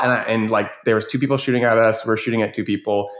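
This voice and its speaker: A man who works as an educator, talking casually as a podcast guest and telling animated stories from his teaching. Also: on the low side, fast talker. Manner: animated storyteller, acts out voices in anecdotes. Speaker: educator and youth advocate guest.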